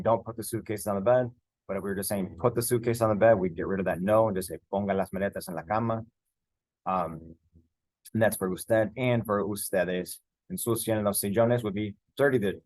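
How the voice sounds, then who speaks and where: A man teaching Spanish grammar over slides, relaxed and conversational, with frequent fillers and restarts. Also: sits low, no room sound, low-quality recording.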